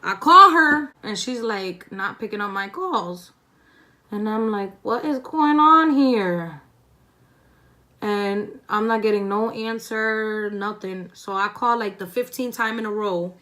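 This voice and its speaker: A woman's voice: medium pitch, measured pace, sharp tone. A young woman vlogger who tells a story in a chatty, laid-back way while doing her makeup, swearing freely. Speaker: beauty vlogger.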